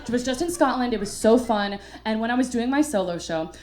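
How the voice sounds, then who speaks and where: A woman's voice: fairly high pitch, animated, a little fast, darkish tone. A woman telling a comic story on a small theater stage, bubbly and playfully hamming it up. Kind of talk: live stand-up storytelling.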